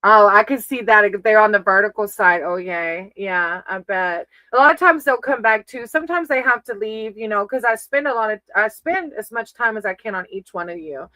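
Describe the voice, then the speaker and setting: A woman's voice: mid-range voice, expressive, moderate pace, few pauses, bright, forceful tone, no echo, low-quality recording. A woman giving casual live-stream tarot readings, chatty and affectionate, calling her viewers sweetie and baby. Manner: chatty, reads names off a list.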